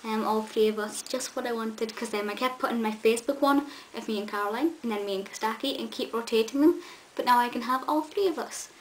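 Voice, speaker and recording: A woman's voice: on the high side, quick pace, low-quality recording. A young woman, chatting eagerly to camera in a vlog, with many ums and restarts. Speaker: vlogger. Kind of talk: casual chat to camera. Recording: faint hiss.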